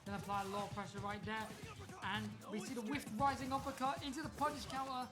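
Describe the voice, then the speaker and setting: A man, commentating a fighting game match at a high, lively pitch. He builds to shouts when play turns, with music playing underneath. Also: quick pace. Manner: excitable, shouting at big moments. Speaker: esports commentator. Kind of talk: live tournament commentary.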